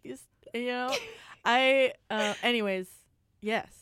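A woman's voice: on the high side, measured pace, fairly bright tone, smooth, dry recording. Rambling, giggly young woman co-host. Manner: giggly, rambling, lots of fillers. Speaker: radio show co-host. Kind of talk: casual chat.

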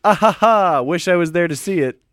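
A man's voice: high-pitched, animated, a little fast, fairly bright tone, dry recording. Man reading as a sleepy easygoing young guy. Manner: reads aloud, giggly.

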